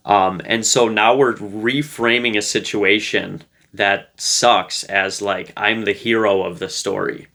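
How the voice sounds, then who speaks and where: A man talks casually to camera, sharing social advice in a relaxed, playful way. His voice sits fairly low and has a bright, forceful edge, and he fills his sentences with loose fillers and restarts. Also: takes it slowly. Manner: loose and conversational, full of fillers; playful, light-hearted. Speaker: relationship advice creator.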